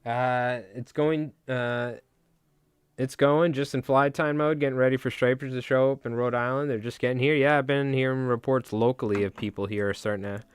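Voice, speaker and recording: A man's voice: mid-range voice, steady tone, normal speed, clear, resonant tone, dry recording, studio quality. Rambling, jokey male stream host. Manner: rambling, jokey, swears casually. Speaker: fly-tying livestream host. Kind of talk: casual livestream chat.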